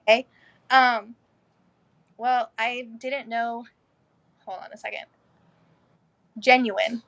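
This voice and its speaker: A woman's voice: on the high side, level tone, slow pace, vocal fry, fairly bright tone. Chatty, laughing female podcast guest. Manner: chatty, laughs often, mild swearing. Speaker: interview guest. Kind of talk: casual interview chat.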